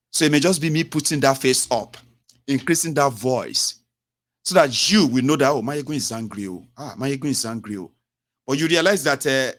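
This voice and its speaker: A man's voice: medium pitch, a bit bright. Man, talk-show host, casual monologue, filler-heavy. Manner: expansive, repetitive, frequent "eh" and "you know".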